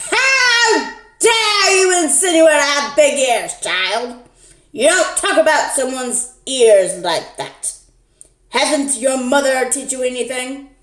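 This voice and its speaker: A woman's voice: medium pitch, normal speed, lightly acted. A woman voicing a male wolf pretending to be a touchy old grandmother, who answers in a huffy, scolding tone. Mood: indignant. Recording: echoey room.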